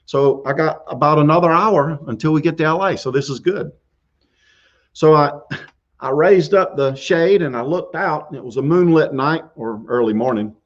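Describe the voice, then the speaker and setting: A man with a slightly high voice tells a spooky tale in a casual live-stream style. He chuckles often and restarts his sentences. The audio is dull and lo-fi. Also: moderate pace. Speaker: show host telling a scary story.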